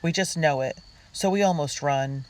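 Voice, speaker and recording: A reader narrating a diary storybook in a girl's first-person voice, earnest and unhurried. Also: a little high, rough recording. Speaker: audiobook reader.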